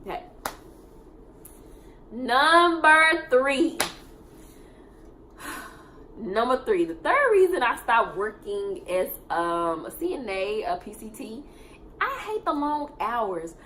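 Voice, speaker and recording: A young woman, telling a work story in a casual storytime monologue and swinging between low mutters and loud, profane outbursts. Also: very animated, a little slow, a little hiss or hum.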